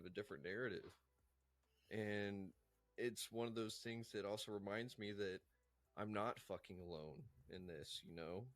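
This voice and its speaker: A man's voice: on the low side, no echo. A man hosting a recovery podcast, talking in a reflective, casual way with many fillers. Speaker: podcast host. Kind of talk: casual supportive chat.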